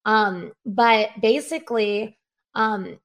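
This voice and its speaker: A woman's voice: medium pitch, slow pace. A woman in her thirties, a revivalist guest, chatting upbeat with frequent laughs and fillers from home. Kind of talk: casual interview chat. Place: at home on a live video call.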